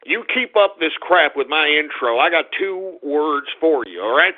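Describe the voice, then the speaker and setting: A man's voice: on the high side, lively intonation, normal speed, few pauses, phone-quality sound. A man hosting a call-in radio show, scolding his callers in an exasperated, profane rant.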